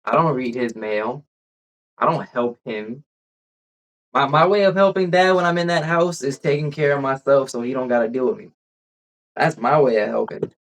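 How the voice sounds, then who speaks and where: A man chats on a casual podcast in a relaxed, easygoing way. He often stumbles and repeats his words before getting a sentence out. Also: medium pitch, moderate pace. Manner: laid-back, repetitive restarts. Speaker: podcast co-host.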